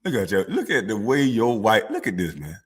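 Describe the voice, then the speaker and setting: A man delivering a mocking, profane comedic commentary rant, with drawn-out hums between jabs. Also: fairly low pitch, sing-song, breathy edge, in a large hall.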